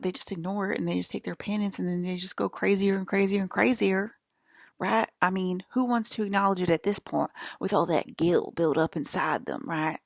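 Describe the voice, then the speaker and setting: A woman's voice: mid-range voice, moderate pace, creaky, dry recording, studio quality. A woman talking to camera in a rambling, emphatic monologue, swearing and checking in with "okay?" after her points. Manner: emphatic, profane, keeps asking "okay?". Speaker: vlogger.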